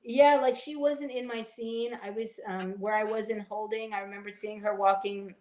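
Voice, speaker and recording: A woman's voice: mid-range voice, steady tone, moderate pace, a little mellow, poor audio. A woman in her forties, an actress guest telling stories in a casual interview, chatty and full of "like", acting out what people said. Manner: chatty, fills with "like", acts out quotes.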